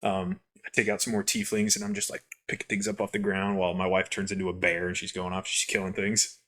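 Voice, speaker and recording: A young man co-hosting a podcast who tells gaming stories in a rambling, animated way with lots of fillers. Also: low-pitched, fast talker, creaky. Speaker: podcast co-host. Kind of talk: casual chat, storytelling.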